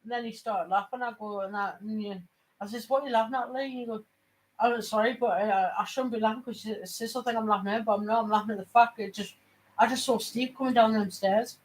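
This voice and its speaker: A woman at a medium pitch, chatting on a casual home vlog. She rambles through her stories, stopping and restarting her sentences and circling back to repeat herself. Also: fairly even intonation, fairly quick, low-quality recording. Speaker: vlogger. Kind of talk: casual chat.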